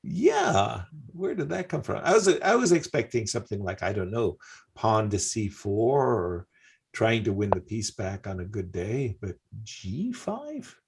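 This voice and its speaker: An older man commenting on chess, telling animated anecdotes with laughing asides in a casual way. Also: lowish voice, moderate pace, vocal fry, breathy edge.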